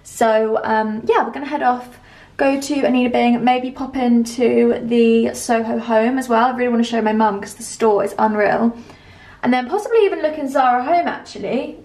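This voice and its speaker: A woman's voice: fairly high pitch, normal speed, a little mellow. A woman, chatting enthusiastically as she tours a hotel room and shows her outfit. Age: 20s. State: a little out of breath. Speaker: lifestyle vlogger. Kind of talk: casual vlog tour and outfit chat.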